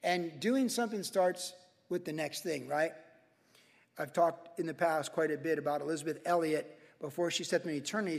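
A man preaching a sermon as pastor, emphatic and animated, repeating phrases for stress. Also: a little high, vocal fry, big-room sound.

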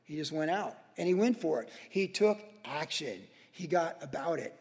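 A man pastor preaching a sermon in a church, energetic and casual, with slang. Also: a little high, normal speed, in a large hall. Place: church sanctuary with congregation.

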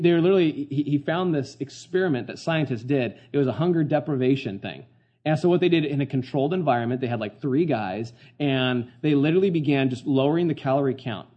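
A man's voice: mid-range voice, lo-fi sound. A man preaching a casual sermon in a conversational, slangy way, often asking the congregation questions. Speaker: pastor.

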